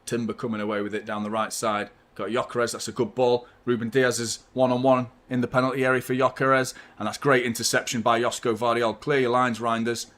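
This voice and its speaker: A man's voice: mid-range voice, little pitch movement, brisk, hardly any pauses, fairly bright tone. A man hosting a live football watchalong, giving chatty, partisan fan commentary and swearing freely.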